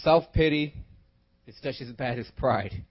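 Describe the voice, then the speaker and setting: A man preaching a sermon, moving from quiet teaching into loud, impassioned prayer and exhortation. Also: mid-range voice, unhurried, highs cut off. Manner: breaks into spoken prayer.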